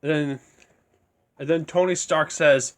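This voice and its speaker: A man's voice: on the high side, fairly even intonation, measured pace. A young man casually telling a made-up fan story, rambling and restarting his sentences as he goes. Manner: rambling, restarts often, unscripted. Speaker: video creator.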